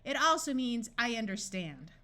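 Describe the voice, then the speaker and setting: A woman reading a scripted phonics lesson, sounding out letters and words with slow, deliberate enunciation. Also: on the high side, big pitch swings, sharp tone. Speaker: phonics tutor.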